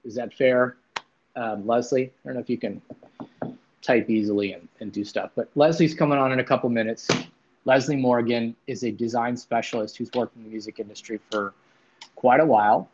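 A man's voice: medium pitch, steady tone, brisk, darkish tone, dull audio, slight background noise. A man hosting a casual livestream, chatting loosely with viewers, swearing now and then and greeting chatters by name. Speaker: livestream host.

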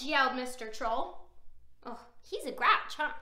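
A woman reading a picture book aloud to children, animated, gasping and asking the listener questions. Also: sits high, moderate pace. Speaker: storybook reader. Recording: roomy echo.

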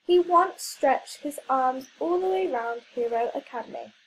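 A woman reading a children's story aloud, clear and expressive. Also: sits high, measured pace, a little hiss or hum, rough recording.

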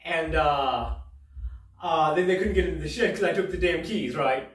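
A man telling a home-made stand-up story in a rambling, halting way, with many restarts and a tag of "right?". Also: on the high side, echoey room, recorded from a distance, rough recording. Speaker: comedian. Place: home room.

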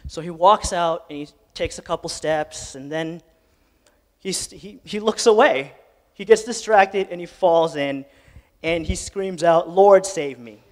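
High-voiced man preaching in an echoing church. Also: unhurried. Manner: conversational, joking preaching that builds to impassioned shouting. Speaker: lay preacher. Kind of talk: sermon. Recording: long church reverb.

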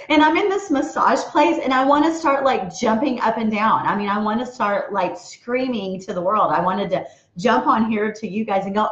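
A middle-aged woman vlogging, telling a story in a lively, casual way and acting out both sides of a conversation. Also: a little high, normal speed. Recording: roomy, slightly dull sound.

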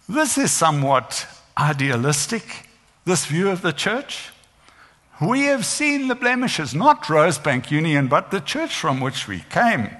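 An older man, a former senior pastor, preaching a sermon in measured, emphatic phrases. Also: on the high side, a bit bright. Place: large church. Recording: long church reverb.

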